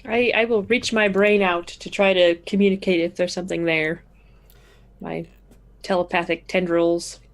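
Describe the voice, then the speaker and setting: A woman's voice: lowish voice, fairly even intonation, moderate pace. A woman playing a tabletop game, casual, giggly and a little hesitant. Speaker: player.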